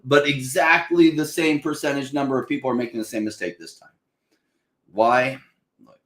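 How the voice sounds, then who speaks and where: A man hosting a casual talk about investing, animated and quick to act out panicked buyers in a higher voice. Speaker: crypto channel host. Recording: roomy echo.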